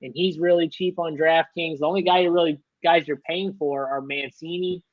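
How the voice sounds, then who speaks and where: A man's voice: on the high side, steady tone, moderate pace, no echo. Rambling man on a dull dry mic. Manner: loose, rambling, filler-heavy. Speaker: fantasy sports analyst. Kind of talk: casual live-show chat.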